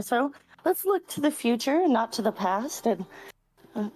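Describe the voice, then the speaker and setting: A woman with a mellow, darker tone, talking hesitantly and wryly at a tabletop game. The recording is dry and close. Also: a little high, sing-song, normal speed, no room sound, low-quality recording. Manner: hesitant, wry, fillers. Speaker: player.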